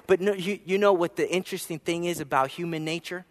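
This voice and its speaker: A man preaching a sermon, telling a personal story, with soft asides and emphatic rises. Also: sits high, fast talker, hardly any pauses, in a large hall. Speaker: pastor.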